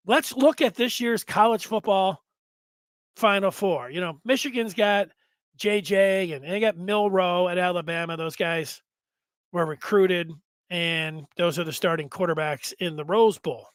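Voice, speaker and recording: A man with a high, bright-edged voice hosts a casual sports commentary show. He rambles excitedly, doubles back and corrects himself mid-sentence. The sound is close and dry, with no room echo. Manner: rambling, animated, frequent self-corrections. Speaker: sports podcast host.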